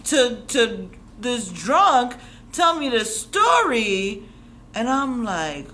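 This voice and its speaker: A young woman from Chicago telling a personal story on stage, animated and profane, acting out the voices she quotes. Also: on the high side, very slow, slight background noise. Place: stage before a live audience.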